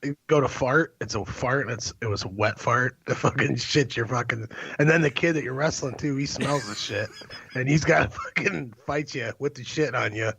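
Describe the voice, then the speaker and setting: A man's voice: medium pitch, moderate pace, creaky, fairly bright tone, slightly rough, dry recording. A man co-hosting a podcast, telling rowdy, profane stories in casual chat. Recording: dull lo-fi mic.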